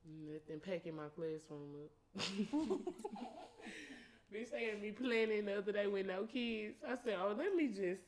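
A young adult woman co-hosting a podcast, blunt, profane and excitable in casual chat. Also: mid-range voice, measured pace, slight background noise, low-quality recording. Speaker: podcast co-host.

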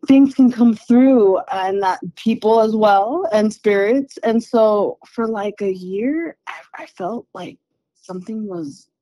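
A woman in a podcast interview tells a personal story in a candid, lively way, not shy about swearing. Her voice is warm and mellow. The recording is dry and close. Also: medium pitch, takes it slowly, no echo, poor audio. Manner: animated, candid, swears freely. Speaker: interview guest, spiritual healer.

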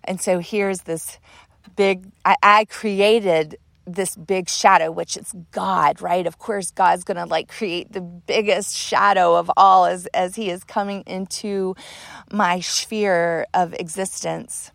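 Woman podcast host, casual confessional storyteller, low gravelly voice, close and dry sound. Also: fairly even intonation, slow pace, fairly bright tone, no echo. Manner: earnest, rambling, leans on filler words.

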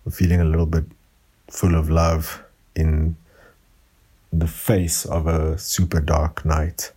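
Soft-spoken tipsy man, deep and husky. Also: completely flat delivery, slow. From South Africa. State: tipsy from wine. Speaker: podcast host. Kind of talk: late-night voice note monologue. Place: room at home.

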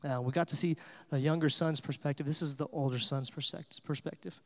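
A man preaching to a church, his fairly high voice swinging from quiet reflection to loud, emphatic peaks. The sound carries a long, ringing reverb from the sanctuary. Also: steady tone, fairly quick. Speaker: pastor. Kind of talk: sermon.

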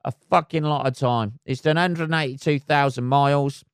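A man's voice: mid-range voice, steady tone, moderate pace, smooth, no echo, studio quality. A man hosting a solo comedy podcast, rambling loosely and swearing constantly as he chats.

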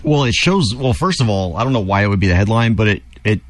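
A man's voice: on the low side, animated, fast, no room sound. A man co-hosting an opinionated talk show, joking with stammering restarts.

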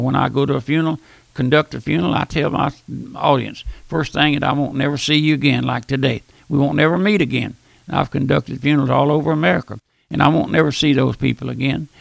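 A man's voice: mid-range voice, vocal fry, a bit bright, breathy edge, dry recording. An older man preaching a fiery, boisterous radio sermon, folksy and repetitive.

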